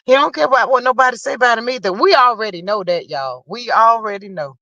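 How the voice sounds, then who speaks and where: A woman's voice: on the high side, fast talker, sharp tone, no echo, lo-fi sound. A woman hosting a casual live stream, talking straight to her viewers and reading out the chat in a folksy, chatty way.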